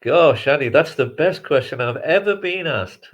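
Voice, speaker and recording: A man's voice: on the high side, animated, moderate pace. A man, a filmmaker guest giving long reflective interview answers with frequent restarts and chuckles. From England. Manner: reflective, rambling, chuckles often, many restarts.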